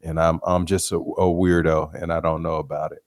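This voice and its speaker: This podcast host has a very deep voice with little pitch movement and speaks at a moderate pace. Alone at the mic, he tells casual stories, laughing often and swearing freely, in clean studio sound with no room sound.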